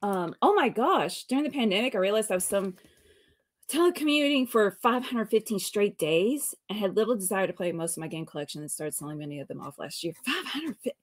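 Very animated and speaking a little fast in a mid-range voice, a woman co-hosting a live comics show giggles and chats as she reads viewers' messages aloud. She often trails off in this casual stream conversation.

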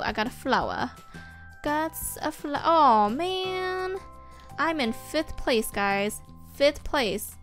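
A woman hosting a gaming video, giving excitable, casual commentary while she plays, with frequent squeals and whoops. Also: sits high. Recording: faint game music behind.

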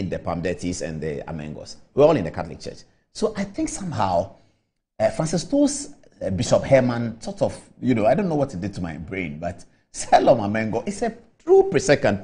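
A man's voice: medium pitch, darkish tone, breathy edge. A man with a Ghanaian accent hosting a TV talk show, telling a rambling, apologetic story in a casual on-air monologue.

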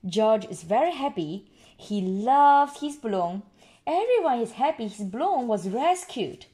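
A woman reading a picture book aloud to a child, gently explaining words along the way. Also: medium pitch, big pitch swings, measured pace. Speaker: storyteller.

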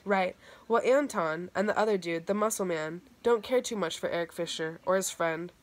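A woman reading the lines of a calm, confident teenage boy farm worker in a plain, matter-of-fact way, close to her own voice. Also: fairly low pitch, normal speed, lightly acted.

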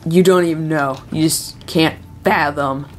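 A woman's voice: low voice, steady tone, unhurried, a little hiss or hum. Jittery woman narrating a horror game. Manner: nervous, talks to herself and the game. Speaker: gamer. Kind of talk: horror game let's play commentary.

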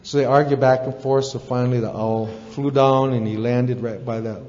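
A man's voice: medium pitch, fairly even intonation, normal speed, darkish tone. Man, recovery meeting speaker, folksy rambling story, echoey hall, dull lo-fi sound. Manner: casual, rambling, with fillers and asides.

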